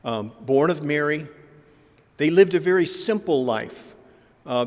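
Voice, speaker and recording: Man preaching in a reverberant church. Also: mid-range voice. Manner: conversational, with filler words and acted-out gospel dialogue. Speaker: guest speaker. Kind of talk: Lenten talk to a parish.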